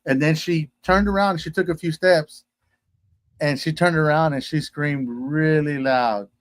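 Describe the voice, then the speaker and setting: A man's voice: fairly high pitch, fairly even intonation, a little slow, dry recording. A man from Texas, a guest telling a personal story in casual conversation, acting out the voices he quotes.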